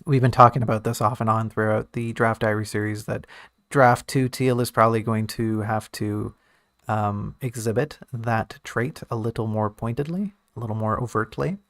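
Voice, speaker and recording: A man's voice: lowish voice, steady tone, moderate pace, fairly bright tone, no room sound, studio quality. A man who writes and streams, talking casually and thinking aloud about a story draft, often restarting and correcting himself.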